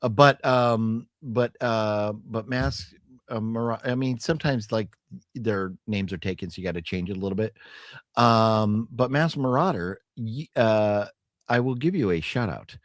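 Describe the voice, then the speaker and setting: A man's voice: lowish voice, a little slow, no room sound, clean studio sound. A man hosting a casual podcast stream, tipsy from drinking, rambling and joking as he reads out viewer comments. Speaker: podcast host. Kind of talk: casual livestream chat.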